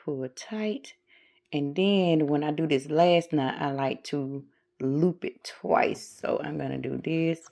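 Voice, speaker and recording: Low-voiced, unhurried woman narrating a craft tutorial. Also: creaky, warm tone. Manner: chatty, talks herself through each step. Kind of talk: casual how-to narration.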